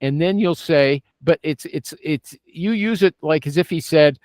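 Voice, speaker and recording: A man's voice: on the high side, moderate pace, hardly any pauses, darkish tone, dry recording. Host guy asking pointed stuff, keeps saying okay, dry close mic. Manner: probing, checks in with "okay?", playful teasing. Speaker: show host. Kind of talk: casual interview chat.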